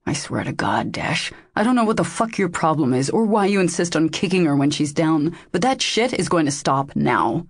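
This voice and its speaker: A woman's voice: sits low, lively intonation, normal speed, few pauses, no echo, clean studio sound. A woman voicing an angry, protective man who confronts a rival in an audiobook. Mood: furious. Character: furious protective man, scowling. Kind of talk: audiobook character voice.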